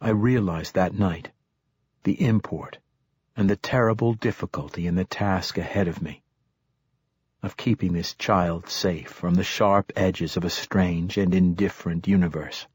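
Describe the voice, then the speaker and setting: A man narrating a first-person novel in a measured, reflective way. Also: sits low, fairly even intonation, darkish tone, slightly rough. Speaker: audiobook narrator.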